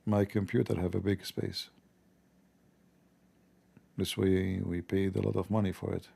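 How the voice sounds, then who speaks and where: A man's voice: deep voice, little pitch movement, measured pace, vocal fry, mellow. A man hosting a live stream, chatting casually, joking and laughing often, with loose non-native grammar.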